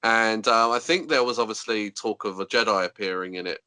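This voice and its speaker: A man's voice: lowish voice, fairly quick, bright, forceful tone, clean tone, no echo. A man speaking as a podcast guest in casual chat, phrasing things carefully and hesitantly.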